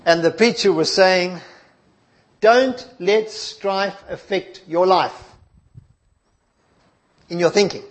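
A male preacher, delivering a sermon in a measured, emphatic way that drops to soft asides. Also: high-pitched.

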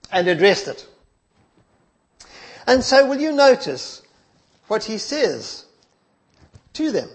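Slow, measured male preacher. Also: sits high. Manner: measured, emphatic, drops to soft asides. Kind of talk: sermon.

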